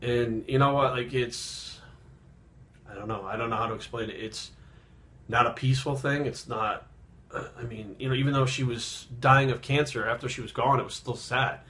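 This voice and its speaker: A man in his thirties tells a personal story in a subdued, reflective tone. His talk rambles and halts, full of restarts and casual swearing. His voice sits at an ordinary middle pitch. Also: steady tone, fairly bright tone. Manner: rambling, halting, with frequent swearing. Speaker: fitness vlogger.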